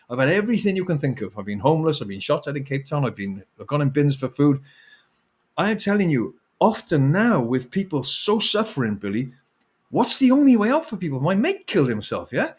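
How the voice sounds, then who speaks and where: A man's voice: fairly high pitch, breathy edge. A middle-aged man, an author talking as an interview guest, ranting passionately with swearing and bursts of laughter. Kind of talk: impassioned interview talk.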